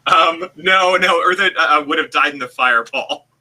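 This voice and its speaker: A man's voice: on the high side, normal speed, bright, forceful tone. A man playing in a live tabletop game, stating his moves plainly. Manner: matter-of-fact, announcing his moves. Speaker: player. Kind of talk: casual game talk.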